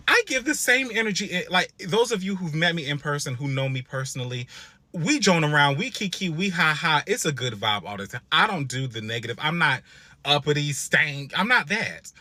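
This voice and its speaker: Sassy, animated man telling a story. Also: a little fast, dry recording. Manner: expressive, sassy, swoops into high exclaims.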